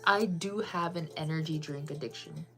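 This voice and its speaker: A woman's voice: low voice, normal speed, bright, forceful tone, faint music behind. A woman chatting casually with viewers on a live stream, bubbly and full of "like" fillers.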